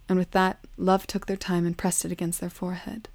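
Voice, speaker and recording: Woman, storybook narration, calm, soft-spoken, low flat voice, mellow. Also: a little fast, hardly any pauses, no echo.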